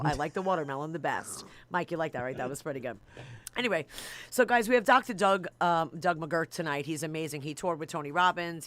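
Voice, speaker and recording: A woman hosting a live internet radio show, chatty and excitable, joking between questions. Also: deep voice.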